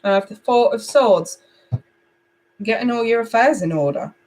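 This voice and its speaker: A middle-aged woman from England reading tarot cards live, chatty and animated as she talks to viewers. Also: a little high, normal speed, rough recording. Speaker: tarot reader.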